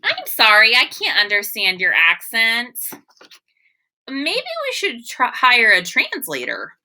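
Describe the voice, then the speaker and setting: Woman putting on squeaky fussy hotel mice. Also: wildly swooping pitch, slow pace, bright, forceful tone, full character voice. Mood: bickering. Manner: high squeaky and prim, bickering.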